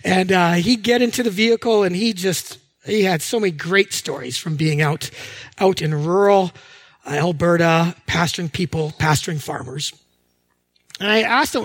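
Here a middle-aged man preaches at a moderate pace, his voice pitched high. He tells stories throughout the sermon and plays out the people in them, voicing each one.

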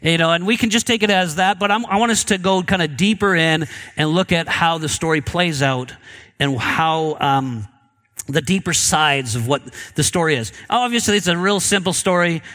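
A man's voice: a little high, normal speed, fairly bright tone. A man preaching a sermon in a casual, chatty way, asking his audience questions. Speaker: pastor.

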